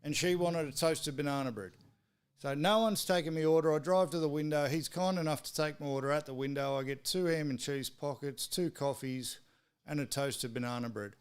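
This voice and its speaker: Here an Australian-accented man speaks fairly quickly in a smooth, higher-leaning voice. He's running a live sports stream and swears liberally while recounting frustrated anecdotes, a loose, ranting sort of conversation.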